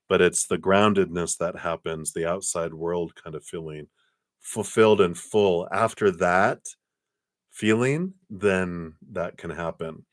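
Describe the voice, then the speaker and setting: A man with a very deep voice talks through tarot cards on a live stream, easygoing and chatty. He laughs often and slips into quiet murmured asides. His voice sounds dry and close. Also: no room sound. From Colorado. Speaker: tarot reader.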